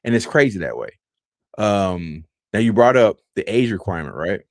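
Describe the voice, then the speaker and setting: A man's voice: on the low side, sing-song, normal speed, dry recording. A man hosting a podcast, telling a laid-back, rambling story with many fillers, close to the mic. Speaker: podcast host. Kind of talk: casual storytelling.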